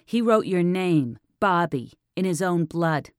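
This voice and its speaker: A man's voice: high voice, expressive, a little slow, smooth, dry recording, studio quality. A man voicing a tough female police detective, insistent and questioning in an audiobook reading. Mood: pressing.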